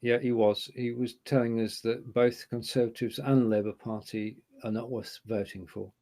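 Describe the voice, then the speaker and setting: Gravelly man talking in measured opinions. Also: medium pitch, level tone, mellow. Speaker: co-host. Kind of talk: casual chat.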